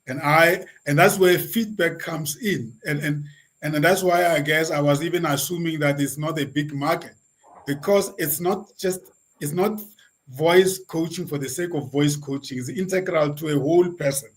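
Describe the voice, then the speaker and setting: Guy hosting an online chat, kinda high voice, thinks out loud, repeats words. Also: moderate pace, rough recording. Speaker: interviewer host. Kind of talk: online interview.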